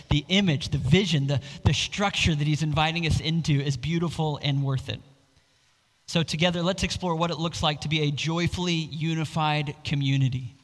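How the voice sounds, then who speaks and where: Earnest male pastor preaching in a reverberant hall. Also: on the high side. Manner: earnest, expressive preaching with emphatic quoted lines. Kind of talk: sermon.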